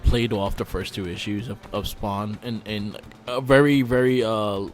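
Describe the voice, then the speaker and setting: A man's voice: on the low side, steady tone, normal speed, faint music behind. A man co-hosting a podcast, talking about a movie in a laid-back way and swearing casually. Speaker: podcast co-host. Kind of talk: casual movie review chat.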